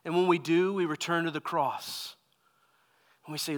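A man's voice: on the high side, moderate pace, pauses often, in a large hall. A man preaching a sermon to a congregation, talking in a conversational way with asides to the listeners. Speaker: pastor.

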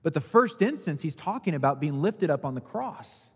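A man preaching a sermon as pastor, asking rhetorical questions and swinging between loud emphasis and quiet, low asides. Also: very animated, moderate pace, husky. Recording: long hall reverb.

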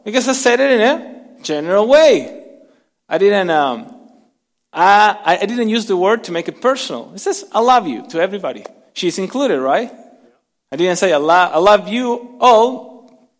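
A man preaching a sermon as pastor, swinging from strong emphasis down to soft, near-whispered lines and asking the congregation to repeat words after him. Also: high-pitched, in a large hall.

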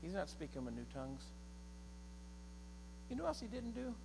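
A middle-aged man preaching a sermon as a pastor, swinging from impassioned shouting to quiet storytelling. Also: high voice, big pitch swings, fairly quick, gravelly, noisy background.

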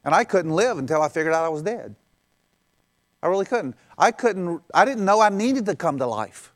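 A man's voice: sits high, big pitch swings, moderate pace. A middle-aged male pastor preaching a sermon in a conversational way, acting out quoted voices in passing.

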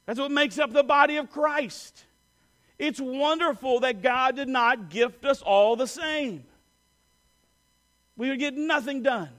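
High-voiced pastor preaching conversationally. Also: male voice, takes it slowly, fairly bright tone. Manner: leads the congregation in call-and-response repetition; conversational, with fillers and self-corrections. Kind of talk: sermon.

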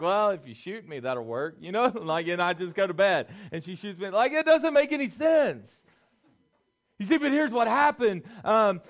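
A man in his thirties preaching a casual sermon, joking and acting out quoted voices. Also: very high voice. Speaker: pastor.

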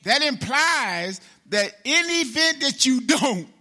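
Hombre predicador, voz aguda y brillante. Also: male voice, very high-pitched, very animated, sharp tone. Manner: conversational, addresses congregation by name, slows for scripture. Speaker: pastor. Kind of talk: casual preaching sermon.

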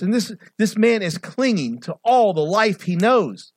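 A middle-aged male pastor preaching an animated sermon, swinging between loud, raised passages and quiet asides. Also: high-pitched, unhurried, hardly any pauses, no room sound.

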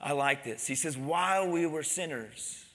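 High, bright-voiced pastor preaching a sermon. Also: male voice, normal speed. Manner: asks the congregation questions and calls for amens; drops to a soft, low delivery at the end of phrases. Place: church.

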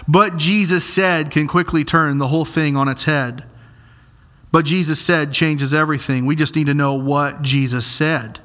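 Bright, high-voiced man preaching earnestly. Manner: earnest, emphatic preaching with slow, stressed repetitions. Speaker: pastor. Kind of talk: sermon.

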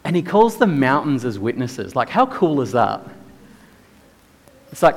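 A man gives a sermon in an easygoing, conversational manner, as if chatting with friends. His voice sits at a middling pitch. It rings out in a church hall with a long, lingering echo. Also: sing-song, unhurried, long pauses. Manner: casual and conversational, with many "like"s. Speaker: preacher.

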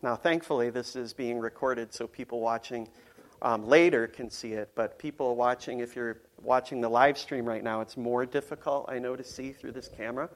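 Chatty pastor, loose sermon delivery. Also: male voice, mid-range voice, fairly even intonation, moderate pace. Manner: conversational, playful, frequent ums and restarts.

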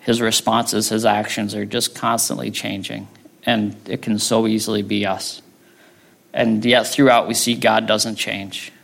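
A pastor giving a conversational sermon, often asking "right?" before closing in prayer. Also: male voice, lowish voice, little pitch movement, measured pace, creaky, a bit bright. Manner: conversational, tags lines with "right?".

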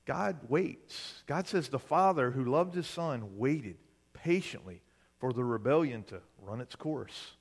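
A man's voice: mid-range voice, animated, a little slow, in a large hall. A male pastor preaching a sermon in a conversational way, often asking the congregation "right?".

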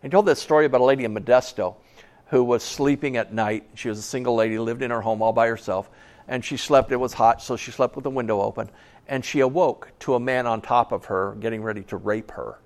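Middle-aged male pastor, emphatic sermon delivery, repeats key lines, mid-pitched voice, folksy asides. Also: steady tone, quick pace. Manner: conversational storytelling asides.

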